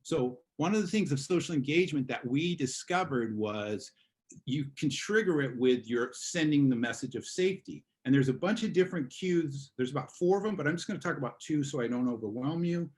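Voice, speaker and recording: A man's voice: fairly high pitch, lively intonation, fairly quick, a little mellow. A man teaching an online class in a casual way, acting out examples as he explains. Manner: casual, acts out examples in voices. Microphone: video call.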